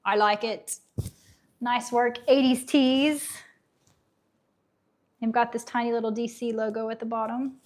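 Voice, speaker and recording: Reading viewer comments aloud on a laid-back unboxing livestream, the host, a woman in her thirties, sounds nostalgic and enthusiastic. Her voice is a little high and turning slightly hoarse as she loses it.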